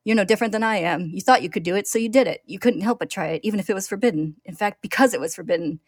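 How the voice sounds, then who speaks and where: A woman voicing a cold, taunting male scientist and father in a low, calm reading. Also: very fast, no echo, close to an everyday voice.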